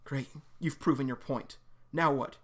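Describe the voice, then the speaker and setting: A man's voice: mid-range voice, fairly even intonation, a little slow, fairly bright tone. A man voicing a determined young woman in a webcomic read-aloud, pleading earnestly with a friend. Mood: confronting. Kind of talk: reading a webcomic aloud with voices.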